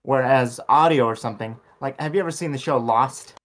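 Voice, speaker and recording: A man's voice: medium pitch, fairly quick. A man in casual conversation, reflective and thinking aloud as he explains an idea.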